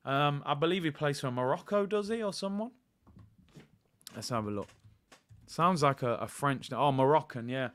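A young man hosts a live fan watchalong, calling the play and chatting to viewers. His voice is bright and sits slightly high, and he gets excitable when the action picks up. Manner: chatty, excitable, jumps between play-by-play and asides, reads chat aloud. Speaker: fan channel host doing a live watchalong. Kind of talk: casual live match commentary.

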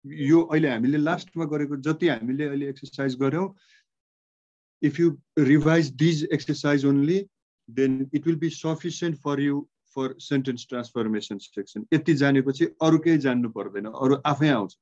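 A man with a Nepali accent teaching an exam-prep English grammar lesson, dictating sentences slowly word by word. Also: on the high side, a little mellow, muffled recording. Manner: slow, measured dictation, repeating sentences word by word.

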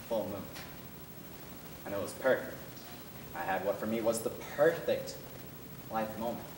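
A teenage boy performing a dramatic monologue for a speech competition, intense, swinging between loud outbursts and hushed lines. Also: medium pitch, slight background noise. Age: teens. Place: school performance room. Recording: echoey room, mic far off.

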